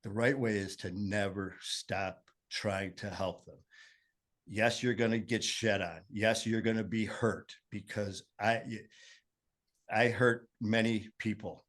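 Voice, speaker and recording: A man with a Michigan accent telling his recovery story in casual conversation, earnest and meandering with many fillers. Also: on the low side.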